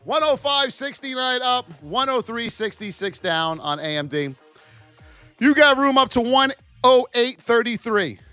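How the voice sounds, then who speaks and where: An excitable man runs a live market-commentary stream, bouncing between joking with viewers and reading off price levels. His voice sits high and swings widely in pitch, and the recording is close and dry. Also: unhurried, smooth, no echo, soft background music. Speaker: trading educator.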